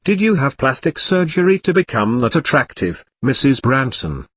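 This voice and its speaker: A man's voice: medium pitch, sing-song, normal speed, fairly bright tone, husky, no echo, studio quality. A man reading a storybook parody, voicing a prim, gushing snobbish aunt.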